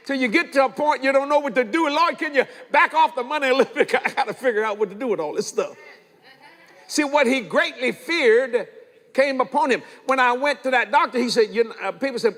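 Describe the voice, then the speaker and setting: An older man preaching a sermon, telling stories in a folksy, animated way and acting out the dialogue. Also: very high voice, brisk. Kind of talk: sermon with storytelling. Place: large church. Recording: reverberant church hall.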